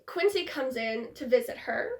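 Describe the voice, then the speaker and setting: A woman's voice: fairly high pitch, lively intonation, moderate pace, gravelly, darkish tone, reverberant. A young woman hosting a casual film discussion, gushing enthusiastically and acting out quotes. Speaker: film review host.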